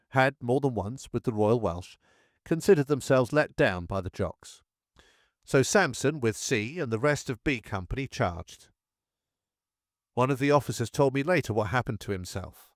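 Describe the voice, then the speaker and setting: A man narrating a First World War memoir in a measured, steady reading style. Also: medium pitch, no echo, clean studio sound.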